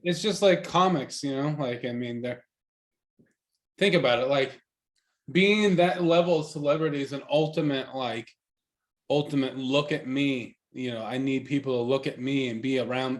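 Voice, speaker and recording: A man's voice: a little high, moderate pace. A man co-hosting a podcast in casual chat, laid-back and agreeable. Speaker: podcast co-host.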